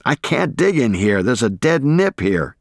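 A man voicing a panicked young soldier yelling. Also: mid-range voice, sing-song, unhurried, creaky, no echo, studio quality, voice pushed up, heavily acted. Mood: desperate. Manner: yelling, choking and protesting.

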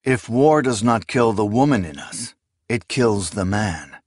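A male narrator reading a fantasy audiobook with solemn, deliberate weight. His voice sits low and he takes his time over each phrase. The studio sound is dry and close. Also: lively intonation, dry recording.

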